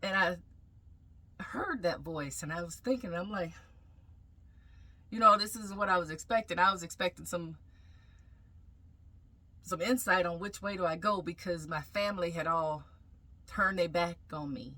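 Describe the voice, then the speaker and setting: A woman sharing a personal testimony in a reflective, halting way, pausing often as she tells her story. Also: lowish voice, bright, forceful tone. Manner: reflective, halting, with frequent pauses and fillers.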